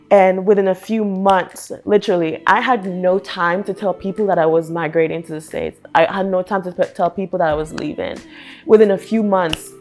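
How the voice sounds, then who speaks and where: Woman, young adult, personal testimony, casual and animated storytelling, faint background music. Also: medium pitch. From Jamaica. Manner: animated, acts out quotes, laughs often. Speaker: testimony speaker.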